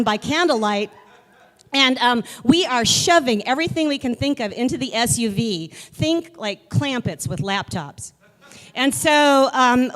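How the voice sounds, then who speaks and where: Woman storyteller, animated and chatty, lots of fillers, reverberant hall sound. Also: medium pitch. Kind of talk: personal storytelling.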